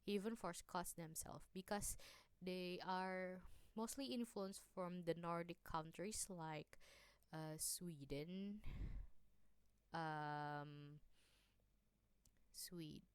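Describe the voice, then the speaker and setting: A woman's voice: fairly low pitch, drawn-out words, pauses often, smooth, no room sound. A young woman whose first language is Indonesian gives a class presentation, hesitant, with many fillers and restarts. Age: young adult. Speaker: student presenter.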